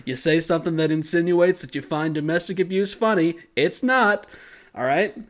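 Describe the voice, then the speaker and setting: A man's voice: on the high side, normal speed. Laughing, jokey male podcast co-host. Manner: jokey, laughs often, self-mocking. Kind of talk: casual recap chat.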